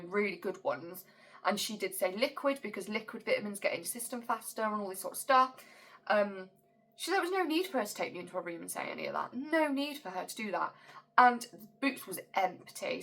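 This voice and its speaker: Emotional woman telling a story. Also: mid-range voice. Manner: emotional, animated retelling with quoted dialogue. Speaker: vlogger. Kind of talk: personal storytelling vlog.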